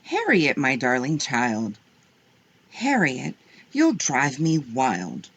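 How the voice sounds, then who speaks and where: A woman voicing a storybook mother who tries not to yell at her messy child. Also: deep voice, big pitch swings, slow pace, vocal fry, slightly rough, full character voice. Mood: exasperated.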